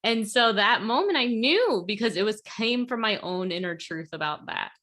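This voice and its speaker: A woman's voice: mid-range voice, expressive, normal speed, fairly bright tone. A woman weight loss coach on a podcast, talking casually and earnestly over a video call, with many fillers. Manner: chatty, lots of "like", earnest.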